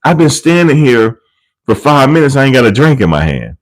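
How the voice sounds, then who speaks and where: A man's voice: medium pitch, big pitch swings, brisk, pitched above the performer's own voice, natural voice. A man putting on the voice of a blunt, impatient rich older man who grumbles and insists on getting his way. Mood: complaining.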